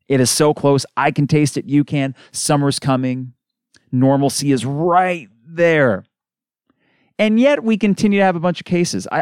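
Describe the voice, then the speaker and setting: A man hosting a solo sports podcast, ranting in an exasperated, animated way. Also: fairly high pitch, dry recording, studio quality. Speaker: podcast host.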